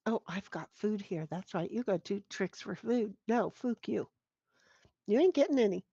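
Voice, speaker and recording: A woman's voice: mid-range voice, lively intonation, normal speed, creaky, warm tone, breathy edge, dry recording, highs cut off. A middle-aged woman hosting a casual livestream from home, reading chat aloud and rambling in a frank, salty way with many restarts. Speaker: streamer host. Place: at home with her dogs. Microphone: computer mic at a desk.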